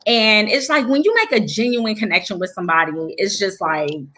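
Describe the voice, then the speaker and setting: Woman, bright forceful tone, casual podcast chat, candid. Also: mid-range voice, expressive, brisk. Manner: candid, talks in restarts and fillers. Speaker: podcast guest.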